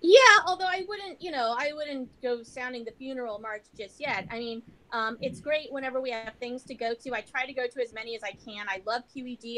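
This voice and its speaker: A woman's voice: on the high side, a little hiss or hum, poor audio. A woman guest on a podcast interview who talks in a chatty, rambling way with many fillers. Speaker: podcast guest and comedy show host. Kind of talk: casual interview chat.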